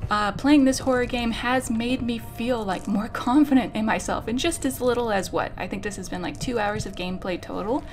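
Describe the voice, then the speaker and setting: Lady narrating her horror gameplay, calm and reflective, game music going in the background. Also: fairly high pitch, normal speed, hardly any pauses. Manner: thoughtful, talks herself through fear. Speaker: host of a psychology-themed gaming channel. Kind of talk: commentary while playing a horror game.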